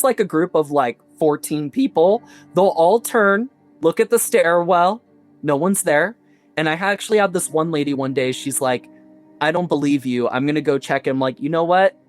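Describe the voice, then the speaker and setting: Chatty male tour guide over soft music. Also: mid-range voice. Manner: chatty, full of fillers and self-corrections. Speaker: mansion tour guide and resident. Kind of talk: casual storytelling interview.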